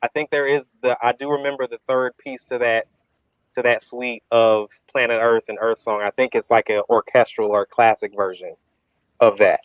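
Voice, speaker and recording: A man moderating a casual online debate in an easygoing, halting way, posing questions over a video call. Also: medium pitch, fairly even intonation, no echo, rough recording.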